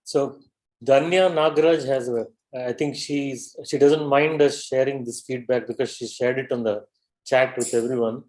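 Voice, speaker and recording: A man moderating an online workshop, reading out participant feedback and questions with hesitant "uh" pauses. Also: medium pitch, fairly even intonation, darkish tone, rough recording.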